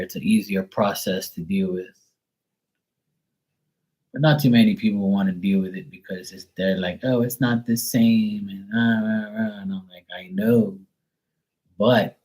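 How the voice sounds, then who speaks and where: A man's voice: on the low side, darkish tone, poor audio. Blunt, profane man chatting on a live stream. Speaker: tarot reader hosting a live stream. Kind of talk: casual live-stream chat.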